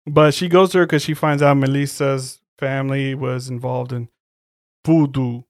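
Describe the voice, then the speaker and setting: A man's voice: mid-range voice, steady tone, normal speed, no room sound, studio quality. A man hosting a podcast, recapping and rating a horror film in loose, slangy, profane chat. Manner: loose, slangy storytelling with side remarks. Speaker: podcast host reviewing horror films.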